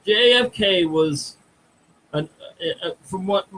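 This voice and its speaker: Hesitant host, higher male voice. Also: slow pace, sharp tone, rough recording. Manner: hesitant, many fillers. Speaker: podcast host. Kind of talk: casual live-stream chat.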